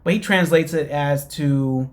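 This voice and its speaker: Male host with a slightly high voice, loose and chatty, rambling through a TV gossip recap aimed straight at his viewers. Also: a little slow. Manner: chatty, addresses listeners as "guys"; rambling with many fillers. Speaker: show host. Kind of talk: casual reality TV recap.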